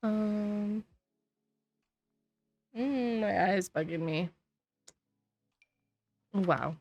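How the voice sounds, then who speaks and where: A woman's voice: mid-range voice, extremely slow, no room sound, highs cut off, faint music behind. A woman streamer talks casually over her game and answers her chat, sniffly and yawning. Her voice sits in a middle range. The sound is close and dry, with no room around it. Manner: chatty, reads and answers chat. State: sniffly and sleepy. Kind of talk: casual gameplay commentary. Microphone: desk microphone.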